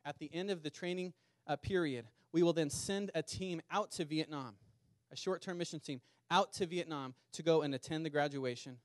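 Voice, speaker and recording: A man preaching a sermon to a small church congregation, earnest, repeating words and slowing down to stress key lines. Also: fairly high pitch, dry recording, studio quality. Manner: earnest, repeats words, speeds up and slows for emphasis. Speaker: pastor. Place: small church meeting in a community center.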